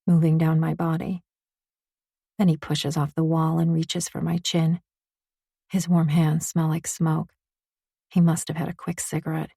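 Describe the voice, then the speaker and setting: Audiobook narrator: woman, low husky voice, intimate first-person romance read, dry close booth sound. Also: warm tone, no room sound. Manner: intimate, confessional reading.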